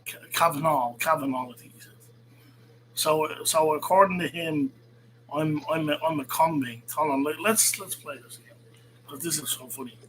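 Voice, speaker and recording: A man's voice: on the high side, moderate pace, long pauses, poor audio. A man hosting his own channel, reacting to a clip with laughter, mockery and frequent swearing. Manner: laughing, mocking, swearing freely. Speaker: YouTube channel host. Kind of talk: casual commentary.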